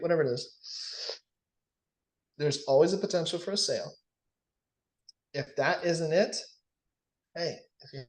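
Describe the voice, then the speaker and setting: A man coaching on sales, lively and acting out the dialogues he describes. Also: fairly high pitch. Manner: animated, acts out sales dialogues. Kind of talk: casual coaching session.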